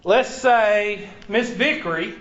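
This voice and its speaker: A man's voice: high voice, slow pace, a bit bright, slight background noise. A man, a college math instructor giving a joking, folksy first-day talk to his students in a classroom. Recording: distant, echoey, muffled classroom recording.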